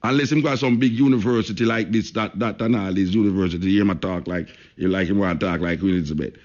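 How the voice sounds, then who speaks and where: Speaking fast in a lowish, darkish voice, a Jamaican talk show host drives home his points in patois by repeating phrases. He's emphatic, broadcasting lo-fi from a radio studio.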